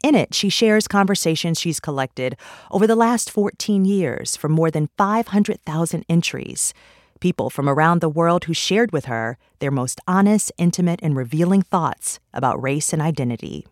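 A woman radio host closing a show and listing credits in a calm, composed way. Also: on the low side, moderate pace, no room sound, clean studio sound. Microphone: studio mic.

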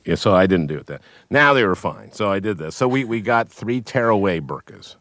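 A man, a guest comedian, telling anecdotes in a radio interview, with halting restarts and chuckles. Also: lowish voice, expressive, fairly bright tone, dry recording.

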